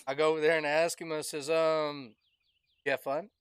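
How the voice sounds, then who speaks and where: A man's voice: a little high, level tone, a little fast, slight background noise. A man chatting casually while playing a fishing game, telling laid-back, rambling work stories and laughing often into a headset mic. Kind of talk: casual chat while gaming.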